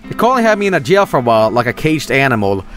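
A young man streaming a video game, swearing and reacting loudly to what happens on screen. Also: medium pitch, fast, faint music behind. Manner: excitable, swears a lot, yells at the game. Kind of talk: live game commentary.

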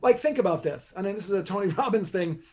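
A man as a podcast guest, explaining posture and exercise in an animated, joking coaching style. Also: high voice, quick pace. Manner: animated, joking, teaches by demonstration. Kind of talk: energetic coaching talk.

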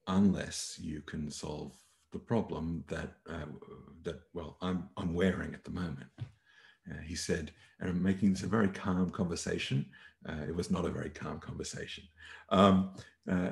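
A man's voice: sits low, vocal fry, darkish tone. A middle-aged Australian man telling a rambling work anecdote in a casual talk, full of fillers and acted-out quotes. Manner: rambling anecdotal, many fillers and restarts, acts out quoted people. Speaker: conference speaker telling a case study.

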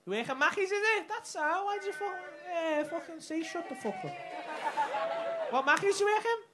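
In a comedy club, a man works the crowd, swearing, mocking, and ranting at the audience while laughing through his lines. His voice is very high, animated, and fairly quick. The live club recording has audible noise.

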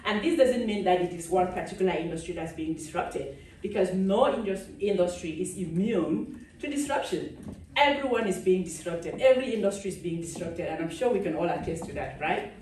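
Woman from Cameroon giving a chatty keynote, low-pitched, echoing from across a big hall. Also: expressive, brisk, darkish tone, a little hiss or hum. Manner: chatty, laughs often, engages the audience. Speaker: keynote speaker. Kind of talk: conference keynote speech. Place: large conference hall. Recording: echoey hall from a distance.

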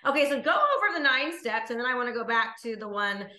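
A woman hosting an interview who speaks in quick bursts, affirms her guest and repeats her own phrases. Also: on the high side, sing-song, sharp tone, reverberant. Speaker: host. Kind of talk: conversational interview.

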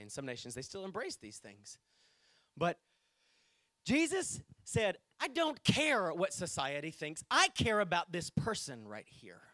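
Lively high-pitched preaching man. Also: no room sound, studio quality. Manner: animated preaching, reads scripture aloud and addresses congregation. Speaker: pastor. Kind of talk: sermon. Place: church sanctuary.

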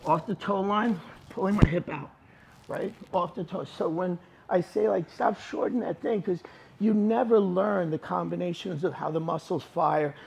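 Gravelly high-voiced man coaching a class. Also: normal speed, darkish tone, slight background noise. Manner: coaching with demonstrations, emphatic and informal. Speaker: jiu-jitsu instructor. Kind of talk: live class instruction. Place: training gym.

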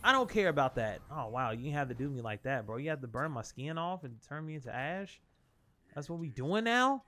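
A man's voice: a little high, fairly quick. A young man commentating his own fighting-game match, swearing a lot and talking to his opponent and viewers, easily worked up. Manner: profane, excitable, talks to his opponent and viewers. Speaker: gaming channel host. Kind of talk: live gameplay commentary.

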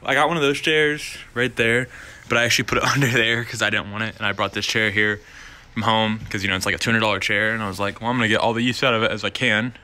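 A man's voice: on the low side, fairly even intonation, fast, sharp tone. A young man, a college student, rambling through a casual tour of his dorm room with lots of fillers, talking to a handheld camera. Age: young adult. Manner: rambling, filler-heavy, wanders off topic.

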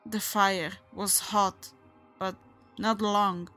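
A woman narrating a first-person horror story in a measured, unhurried way. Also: mid-range voice, flat delivery, bright, forceful tone, soft background music.

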